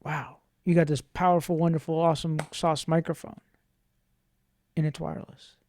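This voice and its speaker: A man's voice: fairly high pitch, level tone, moderate pace, a little mellow, slight background noise. A man vlogging casually, playful and jokey, rambling to himself about gear and laughing often, close on a studio microphone.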